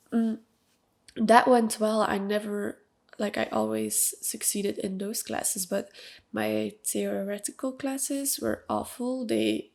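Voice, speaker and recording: A woman's voice: medium pitch, gravelly. A young woman from Belgium with a Belgian accent and a nasal voice, chatting casually and emphatically on her own podcast with lots of fillers. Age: young adult. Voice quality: nasal from allergies. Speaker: podcast host. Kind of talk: personal casual monologue. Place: at home with cats.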